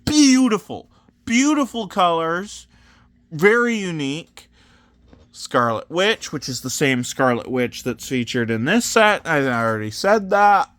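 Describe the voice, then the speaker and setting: Slow-talking man rambling through a toy review. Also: a little high, lively intonation, fairly bright tone, no echo. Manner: rambling, self-deprecating, drifts into joke accents. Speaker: Lego set reviewer.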